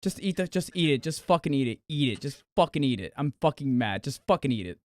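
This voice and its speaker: A man's voice: medium pitch, big pitch swings, quick pace, no echo. A young man streaming a game, ranting and swearing in melodramatic outbursts in a casual chat. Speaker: gaming streamer. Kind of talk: casual live-stream chatter.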